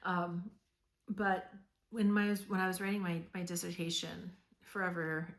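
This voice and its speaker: A woman's voice: lowish voice, little pitch movement, unhurried. A woman giving a chatty, meandering tarot reading to her viewers, earnest and reassuring, with frequent "um" and "like". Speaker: tarot reader. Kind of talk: casual tarot reading to camera.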